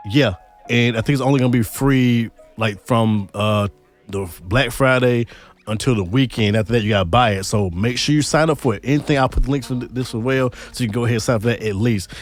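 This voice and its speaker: A hoarse man, still recovering from being sick, casually talking through deals in a laid-back, slangy vlog. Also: mid-range voice. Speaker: music production YouTuber.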